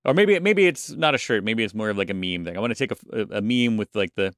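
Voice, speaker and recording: A man with a low, smooth voice chats casually on a podcast. He halts and repeats words as he gathers his thoughts. The sound is dry and close. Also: animated, fairly bright tone, no room sound. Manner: halting, many repeated words and fillers. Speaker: podcast co-host. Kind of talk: casual chat.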